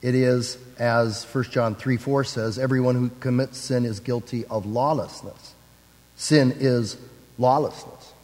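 Slow-speaking preacher in reverberant hall. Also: male voice, medium pitch, fairly even intonation, darkish tone. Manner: measured preaching with slow deliberate phrasing. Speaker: pastor. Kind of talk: sermon.

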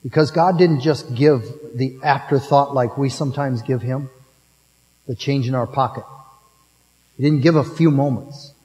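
A man preaching a sermon in a storytelling manner, moving between emphatic lines and hushed ones. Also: medium pitch, a little slow. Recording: long reverb of a large hall.

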